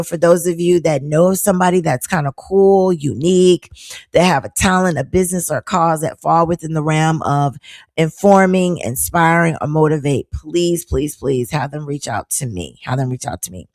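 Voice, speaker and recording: A woman's voice: low-pitched, creaky, no echo, studio quality. A middle-aged woman hosting a live podcast, talking casually and animatedly to viewers with fillers and laughter. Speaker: podcast host. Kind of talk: casual live-show chat.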